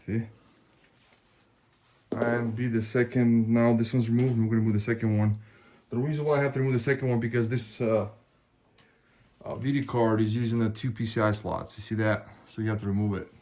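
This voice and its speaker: A man's voice: mid-range voice, fairly even intonation, fairly quick, pauses often, darkish tone. A man casually explaining a hardware install step by step, addressing viewers as he works. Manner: explains step by step while working, talks to viewers as guys. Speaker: tech video host. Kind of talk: casual hands-on tutorial.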